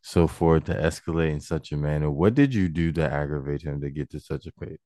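A man, his voice pitched very low, co-hosts a podcast and needles his guest with teasing questions, repeating himself for effect. The sound is close and completely dry. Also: a little fast, warm tone, dry recording. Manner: teasing, cross-examining, repeats phrases. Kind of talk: casual podcast chat.

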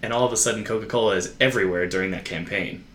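Earnest young man with a bright voice. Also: on the low side, slight background noise. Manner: earnest, quick explaining with ready laughs. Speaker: podcast co-host and editor. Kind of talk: casual podcast chat.

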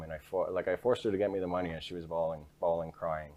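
A man with a very deep voice speaks frankly as an interview guest. His delivery stays level and even, with little rise or fall. He tells his story conversationally and ends many of his sentences with a quick "right?". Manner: frank, repeats "right?" tags.

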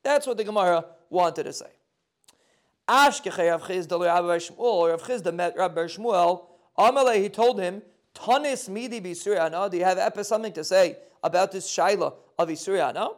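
High-voiced man teaching Talmud. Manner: quick explanatory, translating Aramaic text into English with yeshiva phrasing. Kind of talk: daf yomi Talmud lesson.

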